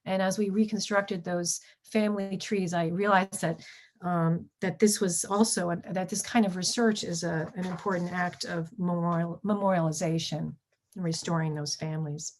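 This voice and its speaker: A middle-aged woman, a history professor, giving a lecture with slides, pausing often on ums and restarting her sentences. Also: on the low side, steady tone. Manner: halting, frequent ums and restarts.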